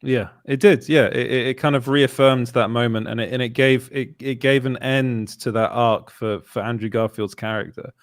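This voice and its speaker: A man hosting a casual film chat, relaxed and rambling with many restarts. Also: mid-range voice, normal speed, few pauses, no echo, studio quality. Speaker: interviewer, film site writer.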